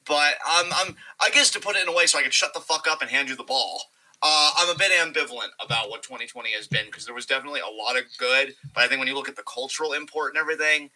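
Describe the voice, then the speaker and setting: A man's voice: mid-range voice, bright, forceful tone, rough recording. A man co-hosting a podcast, rambling in casual talk with wry jokes and swearing. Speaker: podcast co-host.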